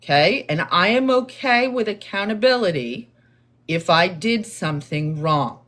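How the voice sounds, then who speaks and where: A woman talking slowly and deliberately to her livestream viewers, in a calm, measured tone that she says viewers hear as condescending. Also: mid-range voice. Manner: deliberate, therapist-like, calm and explanatory. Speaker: livestream host responding to chat. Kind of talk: slow, measured live-stream talk to viewers.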